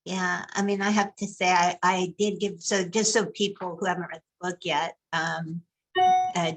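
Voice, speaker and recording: Woman interviewer, lower voice, hesitant and casual, with frequent fillers. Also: level tone, normal speed, poor audio.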